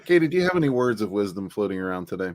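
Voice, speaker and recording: A man's voice: on the low side, sing-song, rapid-fire. A man on a live panel chat, greeting people and joking in a friendly way.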